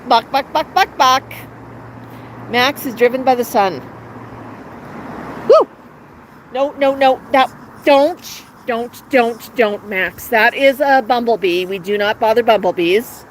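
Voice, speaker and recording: A woman's voice: fairly high pitch, slow, poor audio. Chatty woman livestreaming on a patio. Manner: chatty, coaxing baby talk to her birds. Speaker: parrot owner hosting a livestream. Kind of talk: casual livestream chat with her parrots. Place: outdoor patio in the shade. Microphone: cell phone. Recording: outdoor phone audio with faint traffic.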